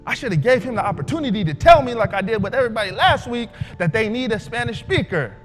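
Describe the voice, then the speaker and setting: A man giving a motivational speech at a live event, telling a story in an animated way and acting out the dialogue. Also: high voice, quick pace, in a large hall, soft background music. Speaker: motivational speaker. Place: large hall, live event.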